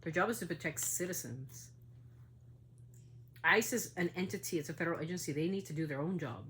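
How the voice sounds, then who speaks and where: A woman's voice: lowish voice, a little fast, a bit bright. A woman hosting a family podcast in a casual monologue, heated and indignant, swearing as she talks about being upset. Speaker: podcast host.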